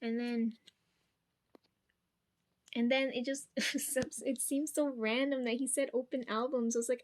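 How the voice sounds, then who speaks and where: Hoarse young woman, rambling and profane. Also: a little high, fairly even intonation, slow pace, long pauses. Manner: rambling and profane, many ums and restarts. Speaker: vlogger. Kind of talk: casual personal storytime. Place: at home.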